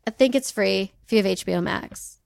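A woman co-hosting a podcast, telling a story in casual chat, animated and often laughing. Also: medium pitch, brisk, vocal fry, no room sound. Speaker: podcast co-host.

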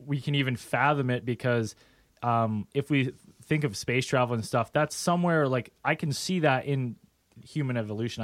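A man's voice: medium pitch, dry recording. A man hosting a casual podcast, rambling and swearing often as he talks with friends. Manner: rambling, swears a lot, laughs easily. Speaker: podcast host.

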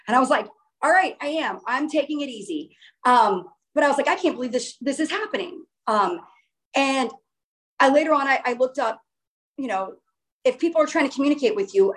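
A woman speaks with a slightly higher than usual pitch, telling a personal story straight to her audience. She rambles earnestly and often breaks off to restart a sentence. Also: poor audio.

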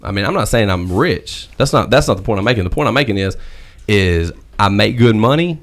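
A podcast co-host in his thirties, talking quickly with a low, gravelly voice. He makes his points emphatically, like a lecture, then teases his friends. It is casual chat. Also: animated. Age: 30s.

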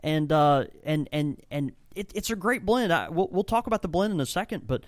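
A man's voice: fairly high pitch, lively intonation, a little fast, no room sound, studio quality. A man who owns a tobacco shop, chatting enthusiastically in a rambling way and often restarting his sentences. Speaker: tobacco shop owner and blender. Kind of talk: casual podcast chat.

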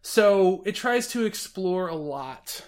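High-voiced man rambling in casual chat. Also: slow. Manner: rambling, animated, restarts often. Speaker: podcast host reviewing films.

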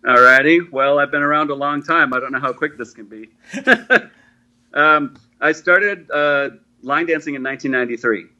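A man's voice: fairly high pitch, moderate pace, sharp tone, lo-fi sound. A man in his forties, a guest telling his story in a chatty, self-deprecating way, laughing easily. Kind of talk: casual interview storytelling.

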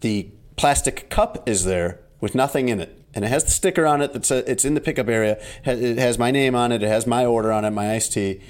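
A man's voice: mid-range voice, a little fast, few pauses. A man co-hosting a podcast, telling stories in a wry, exasperated casual chat. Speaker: podcast co-host.

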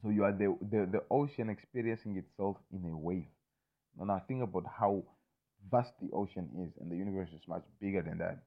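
A deep-voiced man talks fairly quickly in a loose, rambling monologue, repeating himself, swearing freely, and constantly asking "you understand me?" to make sure the listener is following. The recording has a thin, phone-like quality.

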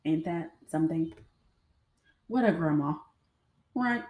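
In this echoey room, a young woman vlogger shares personal stories with a deep, expressive voice, taking her time as she talks. The audio is dull, and she chats along in a rambling way full of fillers.

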